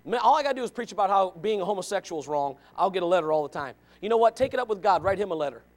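A man preaching a sermon, jumping between loud shouted lines and low murmured asides, with a gravelly edge to his voice. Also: animated, rapid-fire. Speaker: pastor.

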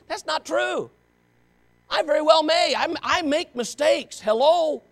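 A man's voice: very high-pitched, moderate pace, vocal fry. A pastor preaching a sermon to his congregation, talking straight at them in an impassioned, conversational way and pressing them with rhetorical questions.

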